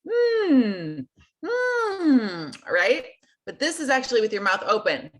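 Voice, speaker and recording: A woman's voice: mid-range voice, very animated, fairly quick, a bit bright. A woman hosting an online singing lesson, explaining technique and demonstrating sounds with her voice. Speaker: voice teacher hosting a workshop.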